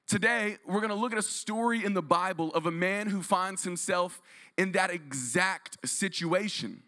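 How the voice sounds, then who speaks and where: Preaching in a large room that serves as a church, a visiting pastor from the Dallas-Fort Worth area of Texas tells stories with energy and draws call-and-response from the audience. He has a high-pitched voice and moderate pace.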